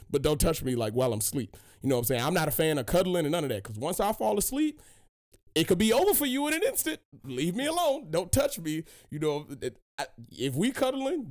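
A young man hosts a casual podcast chat, his voice swinging widely and sitting a little high as he tells profane stories. He talks loosely and animatedly, full of slang. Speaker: podcast host.

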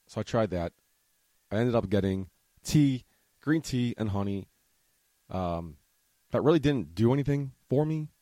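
Low-voiced man hosting a casual podcast. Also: mellow, no room sound. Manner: rambling and chatty, swears casually. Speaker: podcast host. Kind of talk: casual solo podcast recap.

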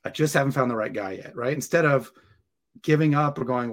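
A man talks in an easy, conversational way as an interview guest, a firefighter telling a personal story. His voice sits at an ordinary middle pitch, and he animates his account by acting out the lines of the people he describes. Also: brisk. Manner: animated, acts out dialogue and laughs while telling.

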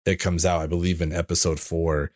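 A man co-hosting a podcast in casual chat, relaxed and enthusiastic, leaning on fillers. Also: low-pitched, a little fast, no room sound, studio quality. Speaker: podcast co-host.

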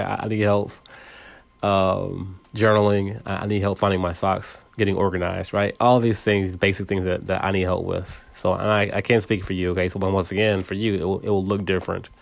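A man's voice: low-pitched, flat delivery, normal speed, gravelly, no room sound. A man giving a reflective motivational monologue, speaking straight to the listener with frequent repetitions and stammered restarts.

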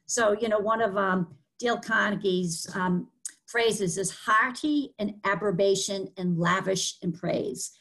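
Woman, Boston accent, author guest, earnest, explanatory, frequent ums, mid-pitched. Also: measured pace, fairly bright tone. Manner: earnest, explanatory, many fillers. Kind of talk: interview conversation.

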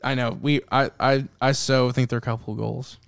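Man, mid pitch, dry close sound, loose rambling delivery, swears freely. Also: steady tone, moderate pace, vocal fry, clean tone, no echo. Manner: rambling, profane, lots of "like". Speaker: podcast co-host. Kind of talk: casual chat.

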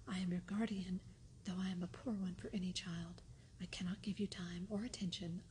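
A woman's voice: mid-range voice, a little hiss or hum, natural voice. Woman whispering as a weary, fretful guardian, whispered role-play. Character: weary, troubled middle-aged male guardian.

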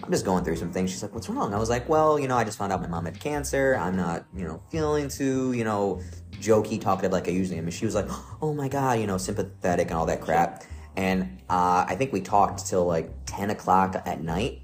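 A man's voice: low-pitched, animated, a little fast. A young man co-hosting a podcast, telling a story in a casual, jokey way and laughing often. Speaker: podcast co-host.

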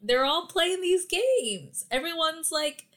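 Woman, slow speech, casual podcast talk, halting, lots of fillers. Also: very high voice, lively intonation, fairly bright tone. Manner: drawn-out, halting, many fillers.

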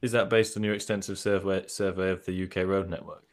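A man's voice: low-pitched, fairly even intonation, fast. A young man co-hosting a casual motoring podcast, teasing his co-host with dry humour. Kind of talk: casual chat.

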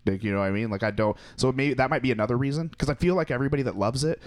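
A man's voice: medium pitch, rapid-fire. A young adult man, a comedian, chatting casually and telling loose stories, acting out people with laughing voices and swearing freely. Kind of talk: casual chat.

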